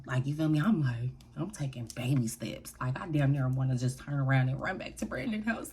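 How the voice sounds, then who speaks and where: A woman's voice: low voice, big pitch swings, normal speed, hardly any pauses, bright, forceful tone, breathy edge. A young adult woman telling a story on her vlog in a loose, slangy way, laughing often. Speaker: vlogger.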